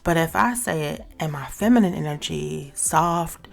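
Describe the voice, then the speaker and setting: A woman's voice: low-pitched, normal speed, gravelly. A woman hosting a talk show, giving chatty, direct advice to her listeners in a casual way. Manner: chatty and direct, addresses listeners as y'all and sis. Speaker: host.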